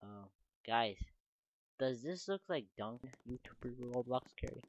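A teenage boy giving casual, rambling gameplay commentary, with sudden loud outbursts and voice cracks. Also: medium pitch, animated, normal speed, highs cut off. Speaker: gaming video creator. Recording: noisy home mic recording.

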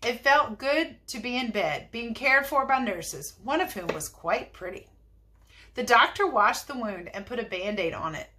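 A woman teacher reading a chapter book aloud, in an expressive, lively way. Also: a little high, normal speed. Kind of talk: storybook read-aloud.

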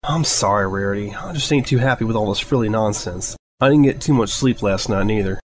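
A man's voice: on the low side, brisk, a little hiss or hum, natural voice. A man voicing a blunt, down-to-earth female farm pony who talks in a folksy rural way. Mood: weary.

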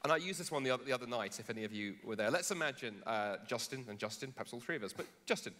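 A man with a bright, forceful voice argues the Christian side in a live debate, mixing in jokes at his own expense. He sounds jet-lagged, and a long hall reverb trails his words across the stage. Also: medium pitch, expressive, very fast. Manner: jokey, self-deprecating asides. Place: conference stage before a large audience.

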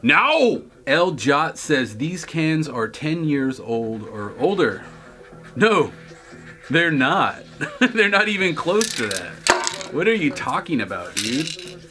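A man's voice: fairly high pitch, sing-song, slow, bright, forceful tone, faint music behind. A man hosting his own video, reading viewer comments aloud and answering with wisecracks and laughs. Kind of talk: casual chat.

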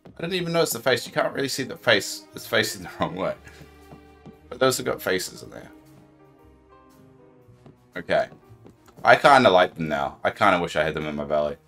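A man from New Zealand commentating his game stream, his fairly low voice jumping animatedly between calm chat and sudden excited exclamations. Soft music plays underneath. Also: normal speed, vocal fry, long pauses. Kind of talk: casual live-stream commentary.

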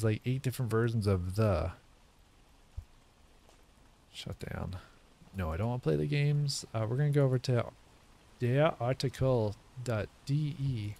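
A man with a warm, medium-pitched voice offers casual think-aloud commentary while practicing a language he is learning. He tries out words, guesses at them, and corrects himself along the way.

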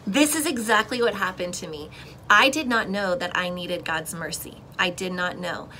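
A young woman sharing a personal faith testimony in casual, expressive storytelling, with emotional swings and frequent restarts. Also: fairly low pitch, normal speed, a little hiss or hum, rough recording.

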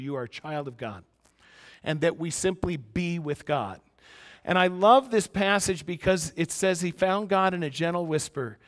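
A man preaching a conversational sermon to a congregation, moving between emphatic points and quiet, soft-spoken asides, picked up by a church microphone. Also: a little high. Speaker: pastor. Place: church sanctuary before a congregation. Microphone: church sound system microphone.

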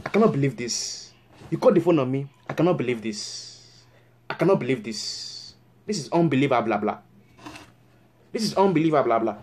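An irate man barks down the phone as a self-styled counselor, hammering the same complaints over and over. His voice sits in an ordinary middle pitch, and a faint hiss of noise runs underneath. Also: expressive, a little fast, darkish tone. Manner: angry, scolding, repeats himself. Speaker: prank caller posing as a counselor. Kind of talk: prank call comedy.

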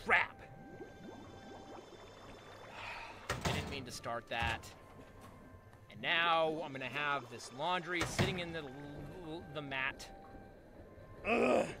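A man's voice: a little high, takes it slowly, pauses often. A man hosting a gaming channel, giving goofy, self-mocking let's play commentary. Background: game music.

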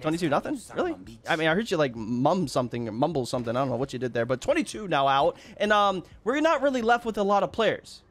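A young man giving loud, excitable gameplay commentary, trash-talking other players, laughing and yelling often. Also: on the high side, fast talker, hardly any pauses. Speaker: gaming YouTuber.

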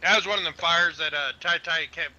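A man's voice: fairly high pitch, a little fast, bright, forceful tone, dull audio, a little hiss or hum. A man chatting crudely over a headset while playing a farming game with friends, rambling through stories. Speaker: gamer on voice chat. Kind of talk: casual chat while gaming.

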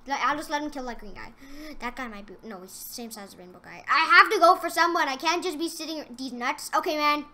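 Gamer girl narrating her game, high bright voice, hyped trash talk then mumbly little asides. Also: fast, few pauses. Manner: excitable, trash-talks opponents, drops to mumbled asides. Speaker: gaming channel host. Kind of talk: casual gameplay commentary.

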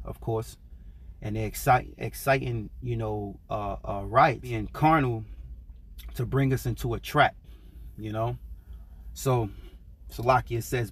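Casual male preacher teaching scripture. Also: fairly low pitch. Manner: conversational, drawls and repeats words for stress.

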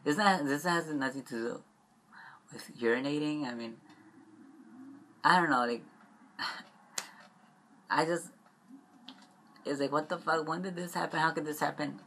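A young man rambling in a confessional vlog, upset and stressed, halting and trailing off with frequent swearing. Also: fairly high pitch, sharp tone, a little hiss or hum.

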